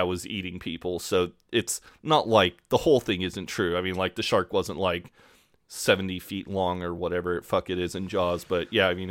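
A man with a low voice co-hosts a podcast, relaxed and casual as he recaps a TV episode. He quotes the characters freely and swears now and then. His voice is recorded dry and close, with no room sound around it. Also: smooth, no room sound. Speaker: podcast co-host.

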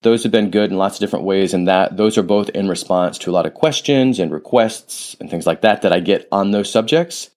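A man with a low voice talks alone into a studio podcast microphone. He muses in a reflective, rambling way, wandering off on tangents and starting sentences over as he thinks aloud. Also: brisk, hardly any pauses, darkish tone. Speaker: podcast host and author. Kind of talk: casual solo podcast monologue.

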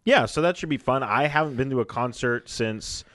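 A man co-hosting a casual podcast chat, teasing his friend in a dry, deadpan way. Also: mid-range voice, normal speed, dry recording.

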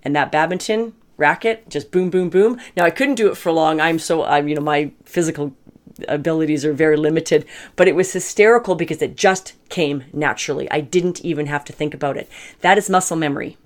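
A woman's voice: deep voice, a little fast. A middle-aged woman giving a casual motivational talk to camera, candid and chatty, laughing often as she goes. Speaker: self-help vlogger.

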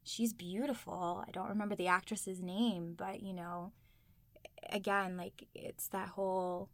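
A South Asian woman hosts a casual discussion in a medium-pitched, fairly bright voice with fairly even intonation, speaking a little slowly with no room sound. She thinks aloud hesitantly, filling with "like," rewinding mid-thought and restarting her sentences often.

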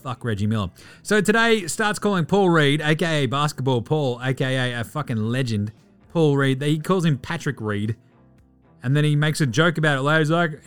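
Australian male podcast host, lively swearing sports rant, fairly high voice. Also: clean tone. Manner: animated, swearing, mock-outraged.

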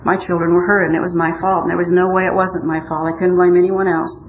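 An older woman tells her recovery story in an earnest, wry way. Her voice sits a little low. The recording is muffled and roomy, with faint noise behind her. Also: little pitch movement, fast talker. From Omaha, Nebraska. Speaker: speaker at a recovery meeting. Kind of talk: personal recovery share.

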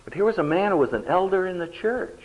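A man's voice: high-pitched, fast. A man teaching a Bible study, speaking emphatically with a dry humor, on a dull lo-fi recording. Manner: emphatic, animated, dryly humorous.

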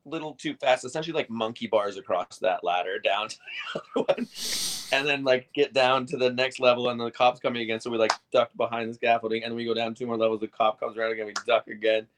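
A man in his thirties, medium-pitched and quick, tells wild stories in casual chat. He swears freely and animatedly acts out what people said in his retellings.

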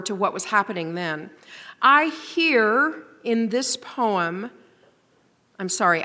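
A woman introducing and reading a poem at a worship service, in a slow, careful way. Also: medium pitch, a bit bright. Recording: long hall reverb.

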